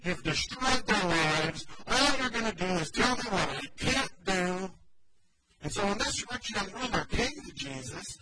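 A pastor preaches in a relaxed, conversational way and slips into the voices of the people in his examples. His voice sits a little high for a man. A loud wash of background noise runs under the recording in church. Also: a little slow. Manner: conversational, acts out quoted voices. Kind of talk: sermon.

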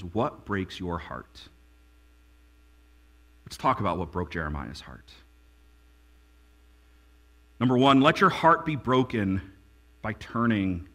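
A man preaching a sermon as a pastor, building to emphatic peaks and dropping to quiet lines. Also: on the low side.

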